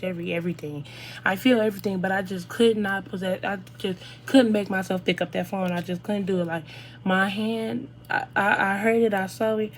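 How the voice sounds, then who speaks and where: An eighteen-year-old woman speaks, chatting animatedly through a storytime for her viewers. Her voice sits at a middle pitch, with a faint hum in the background. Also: darkish tone. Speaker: vlogger. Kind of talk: casual storytime.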